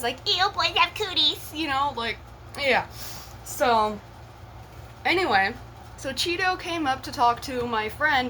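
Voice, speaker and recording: A woman's voice: fairly high pitch, pushed and bright, a little hiss or hum, low-quality recording. A young woman vlogger telling a personal story to her viewers in a chatty, giggly way, full of slang and swearing. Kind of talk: casual storytelling to camera.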